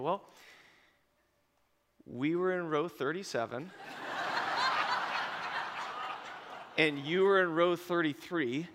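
A man preaching a sermon as pastor, telling a story with lively acted-out dialogue and bursts of laughter. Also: on the high side, a little hiss or hum. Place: church auditorium. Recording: long reverb of a large hall.

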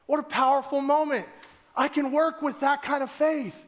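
A man preaching a sermon to his congregation, animated and conversational, driving points home with emphatic repetition. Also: very high-pitched, normal speed. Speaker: pastor.

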